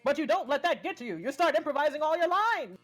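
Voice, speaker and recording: High lively voice reading game text. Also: fast, faint music behind, poor audio.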